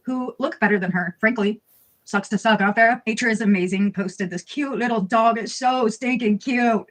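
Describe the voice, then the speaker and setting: A woman's voice: on the high side, moderate pace. A woman narrating scripted commentary, reading out posts in a blunt, sarcastic tone and swearing freely. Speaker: video narrator.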